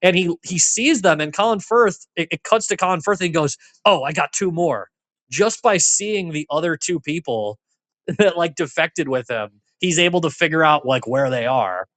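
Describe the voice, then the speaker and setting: A man with a slightly raised pitch rambles through a casual podcast chat about a film. He stacks fillers and restarts his sentences. The room sound is dry and close. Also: lively intonation, normal speed, fairly bright tone, no echo. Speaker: podcast co-host.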